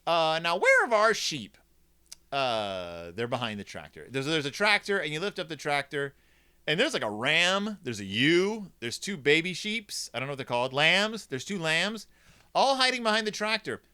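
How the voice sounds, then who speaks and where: Brief: a snarky male host riffing on a kids' book, with a crisp, clear voice and a somewhat high pitch. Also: moderate pace. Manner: snarky, animated, rambling. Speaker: host reviewing a children's book. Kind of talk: comedic book commentary.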